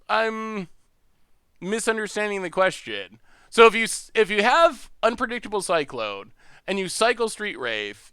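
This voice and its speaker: A man's voice: high voice, sharp tone, clean tone, no room sound, clean studio sound. A man streaming an online card game, thinking aloud in chatty commentary, laughing often and restarting his phrases. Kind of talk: live gameplay commentary.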